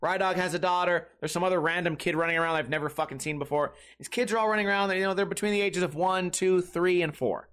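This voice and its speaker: A man with a high voice rambles through a casual comedic monologue as a podcast host. He swears a lot and tells his stories in a lively, animated way. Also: fast, few pauses. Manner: rambling, profane, animated storytelling.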